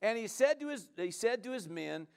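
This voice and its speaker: A man delivers a sermon in a lively, conversational way, pitched a little high for a man. He keeps checking in with the congregation and pressing them for agreement as he explains a passage. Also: moderate pace, creaky, smooth. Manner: animated, conversational preaching with frequent "come on" and "right?". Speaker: pastor.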